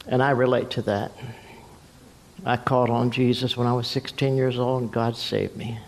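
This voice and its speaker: A man is preaching from the pulpit and telling stories, and he slips into the voices of the people in them. His voice sits in a middle pitch, and a long church reverb trails every phrase. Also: level tone, moderate pace, a little hiss or hum. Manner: storytelling, acts out voices with swings in pitch and pace. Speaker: pastor. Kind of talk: sermon. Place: church sanctuary.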